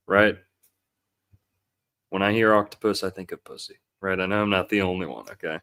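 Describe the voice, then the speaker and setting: A man with a fairly low voice hosts a casual podcast, picking a film apart. He rambles, swears freely and drops into the lines he quotes. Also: steady tone, brisk, fairly bright tone, smooth. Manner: rambling, loose and profane, acts out quotes. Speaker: podcast host. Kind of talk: casual film-analysis chat.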